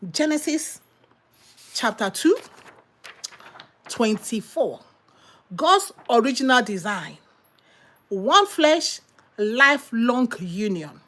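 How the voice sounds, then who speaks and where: A woman's voice: on the high side, takes it slowly, pauses often. A woman preaching an impassioned sermon, full of exclamations and rhetorical questions. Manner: animated, exclamatory, rhetorical questions and sudden laughs.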